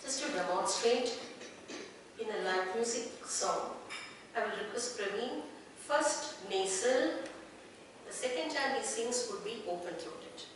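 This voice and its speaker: A woman's voice: fairly high pitch, a little slow. Woman lecturing in an echoey hall. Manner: explains step by step, asks the audience questions. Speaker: guest speaker, voice trainer. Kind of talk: lecture with demonstrations. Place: large echoey meeting hall. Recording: echoey hall from far off, steady noise.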